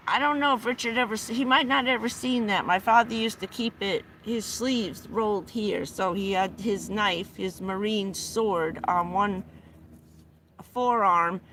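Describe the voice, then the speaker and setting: A woman's voice: mid-range voice, measured pace, bright, forceful tone, a little hiss or hum. Middle-aged woman rambling through old stories. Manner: rambling, restarts often, laughs between anecdotes. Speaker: livestreamer. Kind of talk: casual storytelling on a livestream.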